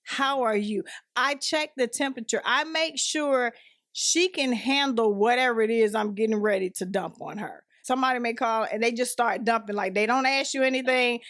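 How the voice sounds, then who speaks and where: A woman's voice: on the high side, moderate pace, fairly bright tone, no room sound, studio quality. Woman telling her story earnestly. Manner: earnest storytelling, acting out quoted voices. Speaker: podcast guest. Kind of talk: personal testimony in conversation.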